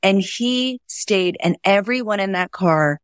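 A woman's voice: mid-range voice, expressive, slow pace, clear, resonant tone, dry recording, clean studio sound. A woman, a guest author telling stories earnestly and acting out what people said. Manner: earnest, acts out quoted dialogue. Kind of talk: conversational storytelling.

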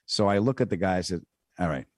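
A man's voice: low voice, fast, no room sound, studio quality. A man hosting a podcast, telling a family story in a casual chat and acting out the people he quotes. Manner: animated storyteller, acts out quotes. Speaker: podcast host.

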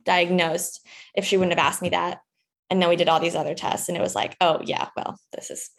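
A young woman as a podcast guest, talking candidly in casual chat and acting out her own past lines in a higher voice, with lots of "like.". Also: level tone, brisk, gravelly. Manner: candid and chatty, acts out past dialogue in a higher voice.

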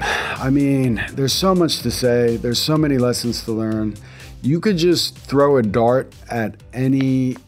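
A man in his thirties hosting a casual solo podcast from a home garage, enthusiastic and rambling, often restarting his sentences. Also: medium pitch. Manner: enthusiastic, rambling, self-correcting. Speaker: podcast host.

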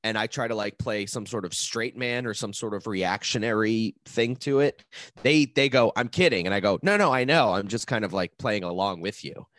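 A man's voice: fairly low pitch, moderate pace, no room sound, studio quality. A man co-hosting a podcast, telling rambling stories in casual chat and acting out little voices. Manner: rambling, animated storytelling with playful voices. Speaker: podcast co-host.

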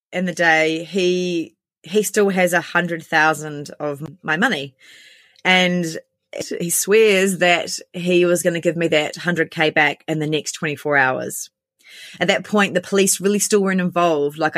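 A woman's voice: sits low, fairly bright tone, dry recording, studio quality. A woman, candidly retelling a personal ordeal and acting out the lines of everyone in it. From New Zealand. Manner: candid, quick, full of quoted dialogue. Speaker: interviewee. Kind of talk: recounting a personal story.

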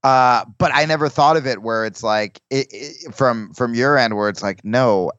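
A comedian guest talking in casual podcast chat, rambling with restarts and acting out quoted lines. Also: male voice, medium pitch, moderate pace, a bit bright, clean tone, dry recording, highs cut off.

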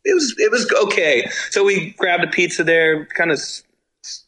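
A German man, a rock musician, telling tour stories in a rambling, animated way with casual swearing. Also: sits high, normal speed, poor audio. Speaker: musician guest. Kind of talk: casual storytelling.

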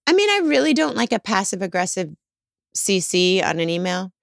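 A woman's voice: medium pitch, big pitch swings, brisk, creaky, dry recording, studio quality. A woman co-hosting a casual chat, candid and self-mocking, laughing often. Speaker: co-host.

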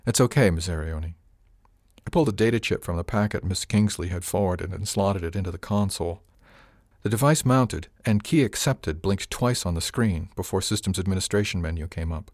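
Deep-voiced man narrating an audiobook. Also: a little fast, no echo, clean studio sound. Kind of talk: first-person scripted narration.

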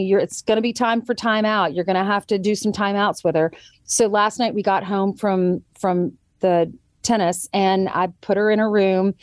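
Woman guest, mid-pitched, earnest storyteller, casual podcast talk, dry close mic. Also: darkish tone, no echo. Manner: earnest storytelling, quoting others in changed voices. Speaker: guest, author and TV co-host. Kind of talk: casual conversation.

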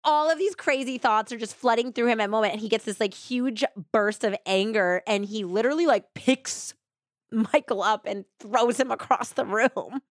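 A woman hosting a true crime podcast, retelling the case in a casual, animated way full of quoted voices and asides. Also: fairly high pitch, moderate pace, no room sound, studio quality. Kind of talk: casual storytelling narration.

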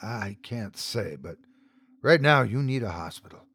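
A man voicing a rugged rescuer in a horror story, speaking softly with forced calm and a wry edge. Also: lowish voice, unhurried, slightly rough, no echo, clean studio sound, heavily acted. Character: rugged Scottish man, steady, gruff rescuer.

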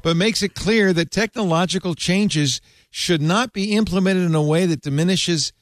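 A man's voice: high voice, normal speed, no echo, studio quality, pitched above the performer's own voice, close to an everyday voice. A man putting on a British accent to mock a pompous male government official. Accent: put-on British.

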